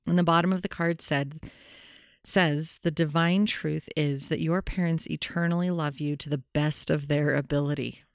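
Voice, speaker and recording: A middle-aged woman hosting a meditation podcast, chatting casually and coaching gently, laughing often. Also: low-pitched, steady tone, moderate pace, no room sound, studio quality. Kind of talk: casual spiritual talk.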